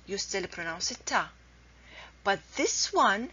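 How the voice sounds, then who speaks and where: Woman, a patient teacher, husky, slightly muffled lo-fi sound. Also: a little high, sing-song, fairly bright tone. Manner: patient, repeats examples slowly and carefully. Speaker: Arabic teacher. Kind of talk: explanatory language lesson. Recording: dull lo-fi recording.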